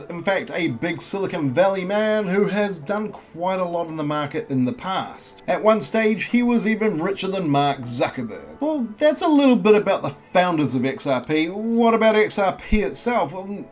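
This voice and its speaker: A man hosting a crypto channel, explaining in a chatty, casual way with rhetorical questions and jokey self-mocking asides. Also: high-pitched.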